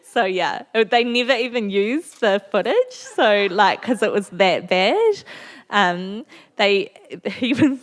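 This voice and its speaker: A woman's voice: medium pitch, expressive, slow. A woman in her thirties with a New Zealand accent, a guest author telling candid, funny stories on a festival stage. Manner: candid, funny storytelling with frequent laughter. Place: festival venue before an audience.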